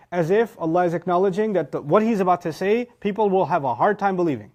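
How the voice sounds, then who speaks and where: A middle-aged man delivers a religious lecture in a fairly high voice. He is animated and emphatic, quoting Arabic phrases and briefly acting out his students' reactions. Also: fast. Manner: quotes Arabic phrases and explains them. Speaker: Quran teacher.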